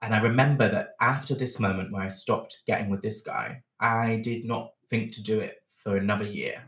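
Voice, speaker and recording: A man's voice: fairly low pitch, fairly even intonation, moderate pace, a bit bright, echoey room, far from the mic. A man, from Bristol, telling frank, self-mocking stories as a podcast guest. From Bristol, England. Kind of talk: candid storytelling chat.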